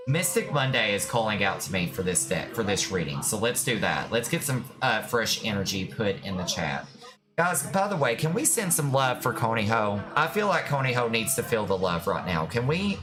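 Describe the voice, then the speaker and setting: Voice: medium pitch, sing-song, moderate pace. A tarot reader on a live stream, chatting casually and affectionately with viewers, reassuring them and calling them "my love". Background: music.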